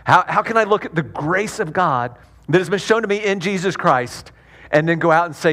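Male pastor, slightly higher voice, chatty sermon delivery with stumbling repeats. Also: expressive, a bit bright. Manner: conversational, repeats words, acts out quick quoted voices.

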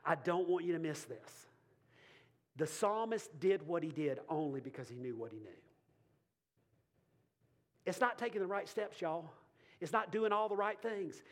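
A man's voice: high-pitched, fairly bright tone. A man preaching a sermon to a congregation, emphatic, repeating key lines and putting questions to the room. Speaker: pastor. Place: church before a congregation.

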